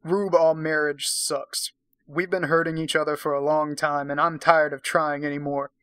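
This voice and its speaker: A man's voice: fairly high pitch, little pitch movement, moderate pace, fairly bright tone, no echo, natural voice. A man voicing a weary, impatient husband who is leaving his wife, read aloud from a romance novel. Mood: exasperated.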